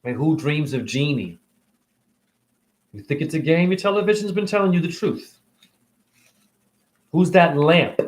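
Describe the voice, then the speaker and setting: A man holding a rambling, emotional spiritual monologue as host of his own stream, preaching at times and dropping into hushed whispers. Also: on the high side, unhurried, pauses often. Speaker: livestream host.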